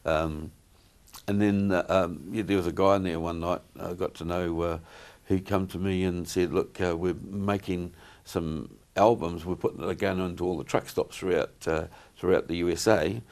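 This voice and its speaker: A middle-aged man talks in a very low voice. He wanders through his stories, stopping and restarting often with plenty of ums. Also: fairly even intonation, moderate pace, a little mellow. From New Zealand. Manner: rambling, many fillers and restarts. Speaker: guest entertainer. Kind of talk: casual interview chat.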